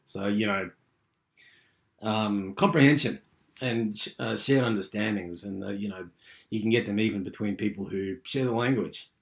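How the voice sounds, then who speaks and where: Low-voiced lecturer, rambling. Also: male voice, normal speed. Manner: rambling, heavy with fillers and restarts. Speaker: university lecturer. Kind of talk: unscripted lecture.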